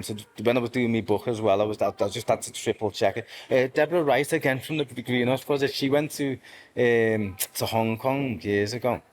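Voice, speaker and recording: A man's voice: lowish voice, a little mellow. A man in casual conversation, chatty and storytelling, often correcting himself as he goes. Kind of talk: casual interview talk.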